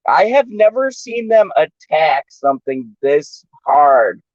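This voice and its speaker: A man's voice: a little high, sing-song, slow pace, no room sound, dull audio. A man talking casually as a guest on a live stream, hesitant and full of fillers. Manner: hesitant, lots of fillers and restarts. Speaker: guest co-host. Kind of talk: casual chat.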